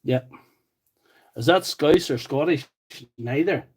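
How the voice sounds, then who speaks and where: A Northern Irish man from County Tyrone chats casually on a tool repair livestream, joking and answering viewer comments as he works, with rambling asides. His voice is on the high side and breathy, and he takes it slowly; the recording is low quality.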